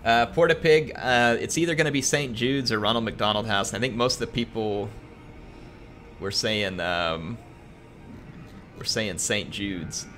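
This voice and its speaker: Emotional male streamer, halting and earnest. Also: fairly low pitch, fairly bright tone, soft background music. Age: young adult. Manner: emotional, halting, many ums and uhs; earnest and grateful. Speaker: gaming streamer. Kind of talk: reading a viewer's message on a live stream.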